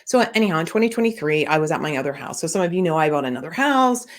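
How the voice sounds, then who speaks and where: Middle-aged woman host, lowish voice, candid rambling story with lots of ums. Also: animated, rapid-fire. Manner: candid, rambling, many fillers and restarts. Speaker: podcast host and business coach. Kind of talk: personal storytelling monologue.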